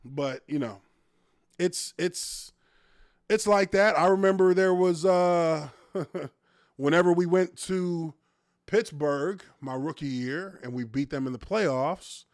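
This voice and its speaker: A man's voice: on the high side, slow, dry recording, clean studio sound. A man in his thirties, a former offensive lineman, hosting a casual live stream and telling stories with a lot of profanity and laughter.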